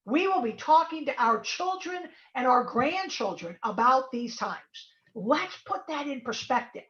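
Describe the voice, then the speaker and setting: A woman's voice: sits high, big pitch swings, measured pace, fairly bright tone, reverberant, dull audio. A woman speaking as a guest in an online talk, giving emphatic and encouraging advice over a video call. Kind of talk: webinar talk.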